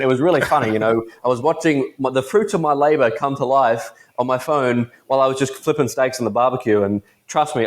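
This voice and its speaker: A teenage man with an Australian accent talks as a podcast guest. He tells stories in a relaxed, chatty, easygoing way. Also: mid-range voice. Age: teens. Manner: laid-back, chatty storyteller. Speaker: guest entrepreneur. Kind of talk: casual podcast interview.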